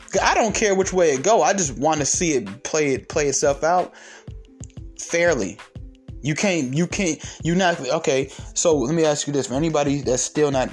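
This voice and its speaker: A man delivering a heated, profane monologue to his viewers, firing off rhetorical questions with emphasis. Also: medium pitch. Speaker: online commentator.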